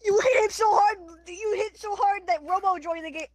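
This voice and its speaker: A woman's voice: extremely high pitch, brisk, a loud crowd. A woman gaming with friends, bossy and snapping at them with swears. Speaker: gamer. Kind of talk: casual gaming chatter.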